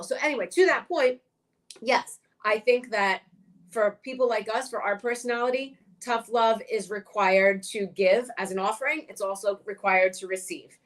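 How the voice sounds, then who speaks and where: A woman's voice: on the high side, normal speed. Frank, outspoken middle-aged woman. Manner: direct, frank, swears, animated when quoting. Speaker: interview guest, coach. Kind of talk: casual interview chat.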